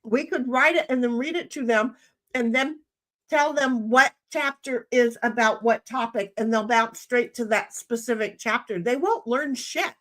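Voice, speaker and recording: A woman's voice: a little high, a bit bright. An older woman hosting a live stream, chatting bluntly and with salty language, acting out both sides of her conversations. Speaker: stream host. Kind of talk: casual chat on a live stream.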